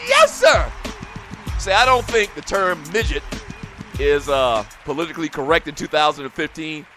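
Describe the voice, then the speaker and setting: A middle-aged man hosting a sports talk radio show, venting in an animated way and laughing often. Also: on the high side, moderate pace, over music.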